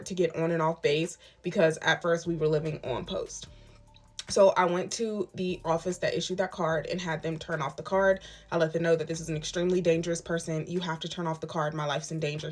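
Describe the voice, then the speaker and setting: A woman in her twenties, emphatic and candid, telling her own story in a storytime vlog and acting out what others said. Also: on the low side. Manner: emphatic and candid, retelling events with quoted dialogue.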